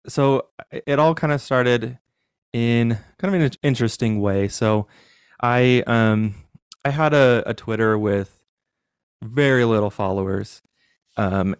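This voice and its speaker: A man's voice: medium pitch, smooth, no room sound, clean studio sound. A young man as an interview guest, telling his own story in a candid, self-deprecating, reflective way. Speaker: podcast guest.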